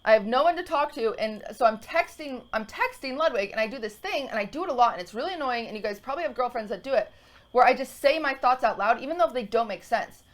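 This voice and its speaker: Fast and animated, with a voice a little on the high side, this twenty-something podcast co-host rambles emotionally through a long story in casual chat. Her telling is full of fillers and restarts.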